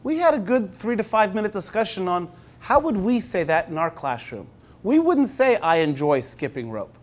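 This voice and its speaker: A male teacher giving a conference presentation in a conversational way, slowing down when he reads aloud. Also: sits high, very animated. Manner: conversational, with restarts; slows down when reading aloud. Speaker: teacher presenting at a university talk.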